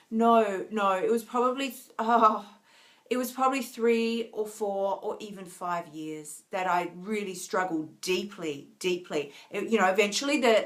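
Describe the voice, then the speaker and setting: A tired, emotional woman coach talking earnestly to viewers on a live stream, restarting often and laughing softly. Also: medium pitch. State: tired, near tears. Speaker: wellness coach.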